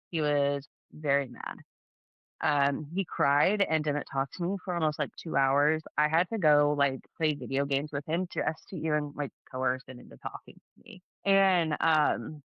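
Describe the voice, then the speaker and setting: A woman's voice: sits low, dry recording, dull audio. A woman in her thirties, a podcast guest telling her story casually, acting out dialogue and saying "like" a lot. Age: 30s. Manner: chatty, acts out dialogue with lots of "like".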